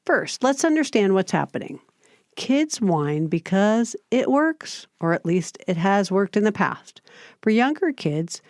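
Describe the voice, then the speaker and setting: A woman hosting a parenting podcast, giving scripted advice in a calm, steady, explanatory way. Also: fairly low pitch, dry recording, studio quality. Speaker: podcast host.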